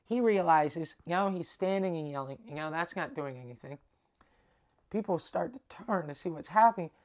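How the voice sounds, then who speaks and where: On his podcast, a young Canadian host with a fairly high voice talks at normal speed. He spins a long, wandering tale, swearing plenty and animatedly acting out the dialogue.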